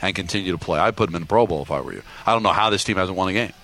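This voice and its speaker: A man's voice: low-pitched, rapid-fire, a bit bright. A man co-hosting a sports talk show, riffing sarcastically in casual banter.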